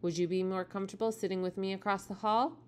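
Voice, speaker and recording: A woman voicing a kindly, motherly neighbor woman in a read-aloud storybook, speaking gently. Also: medium pitch, steady tone, fast talker, clear, resonant tone, natural voice. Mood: gentle.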